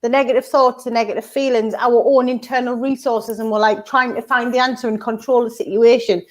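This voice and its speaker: Earnest lady co-host on a live chat, kinda high voice, explains things calmly. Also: a little fast. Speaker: co-host of a mindset livestream. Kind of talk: casual livestream chat.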